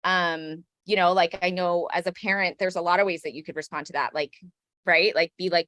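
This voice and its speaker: A woman's voice: fairly low pitch, fairly even intonation, a little fast, fairly bright tone, no room sound. Reflective woman podcast co-host, dry sound. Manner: reflective, affirming, often ends points with "right?". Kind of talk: casual conversational chat.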